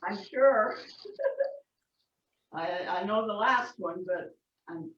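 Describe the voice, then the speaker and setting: A woman's voice: medium pitch, slow. A woman karate student answering her instructor hesitantly and self-deprecatingly over a video call. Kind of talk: casual chat. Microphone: video call, away from the mic. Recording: echoey, distant, lo-fi call audio.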